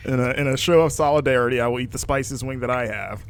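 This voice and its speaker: A man's voice: mid-range voice, quick pace. A man co-hosting a gaming stream, teasing the others and laughing while eating hot wings and playing. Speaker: co-host and player of a gaming stream.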